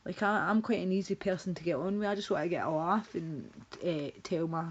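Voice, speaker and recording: A woman's voice: lowish voice, brisk, slightly rough, muffled recording. A woman streaming live, casually chatting with viewers in a blunt, sweary, teasing way.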